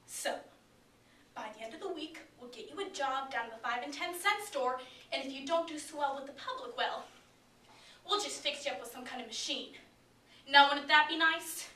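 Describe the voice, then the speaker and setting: A woman's voice: sits high, normal speed, sharp tone. A young woman in a solo dramatic interpretation, playing a bitter, scornful middle-aged mother who talks in a sarcastic, cutting way. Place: competition room. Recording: echoey room from far off.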